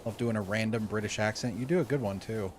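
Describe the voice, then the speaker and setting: A man's voice: fairly low pitch, quick pace, slight background noise. An American man streaming a video game, chatting casually and reading in-game lore aloud, laid-back and a bit profane. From United States.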